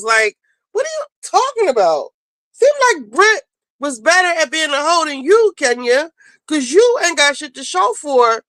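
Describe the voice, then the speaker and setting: Female host, high voice, dry close sound, blunt and profane, casual commentary. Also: dry recording, rough recording. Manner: blunt, profane, fast-talking, animated. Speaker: show host. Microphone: home streaming setup.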